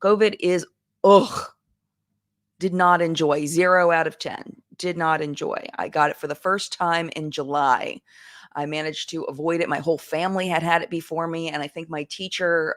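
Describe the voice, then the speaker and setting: A woman's voice: low-pitched, no room sound, studio quality. A woman, chatting casually on a live stream from her basement and reading viewer comments aloud. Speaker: YouTuber hosting a live chat. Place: home basement.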